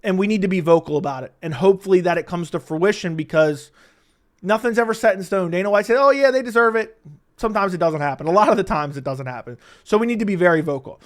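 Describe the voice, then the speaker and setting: A man's voice: high-pitched, quick pace. A man hosting an online combat sports commentary channel, reading tweets aloud and mocking them in a heated, opinionated rant. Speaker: MMA commentary channel host.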